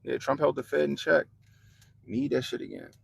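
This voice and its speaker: A young man hosting a livestream, ranting bluntly and profanely about politics to his chat in animated slang. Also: medium pitch, moderate pace, vocal fry, slight background noise, low-quality recording. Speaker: livestream host.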